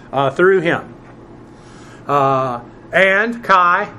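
A man teaching a Bible passage word by word from the Greek, spelling terms letter by letter and filling pauses with "uh". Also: on the high side, pushed and bright, a little hiss or hum. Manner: spells out Greek words letter by letter, many "uh" fillers; presses emphatic points with rising force.

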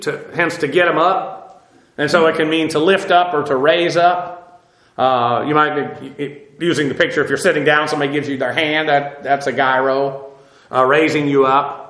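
A man teaching a verse-by-verse Bible study, parsing Greek grammar with frequent pauses and "uh" as he explains. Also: a little high, steady tone, a bit bright, echoey room. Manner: explanatory, stops often with "uh" to parse grammar.

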